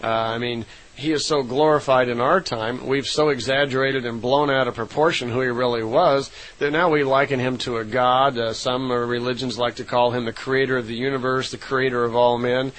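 A man's voice: medium pitch, steady tone, brisk, a bit bright, rough recording. A man retelling a story in a loose, unscripted way, with frequent fillers and self-corrections. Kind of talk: casual spoken retelling.

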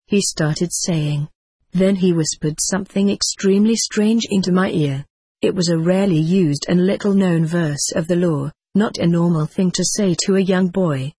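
A text-to-speech voice reading a first-person story as an audiobook narrator, measured and even, sometimes reading formatting marks aloud. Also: mid-range voice, husky, dry recording.

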